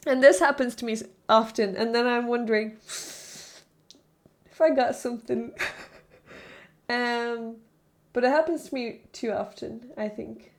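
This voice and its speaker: Young woman streamer, slightly high voice, chatty and giggly, keeps backtracking mid-sentence. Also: measured pace, long pauses. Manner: rambling, self-correcting, laughs often. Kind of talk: casual live-stream chat.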